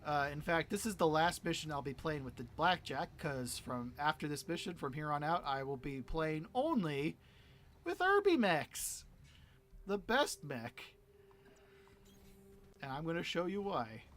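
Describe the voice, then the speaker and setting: Brief: a joking male streamer with a slightly high voice, muttering to himself, then suddenly excited. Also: normal speed, a little hiss or hum. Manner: playful and giggly, jumping between quiet mutters and excited outbursts. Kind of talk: casual gameplay commentary.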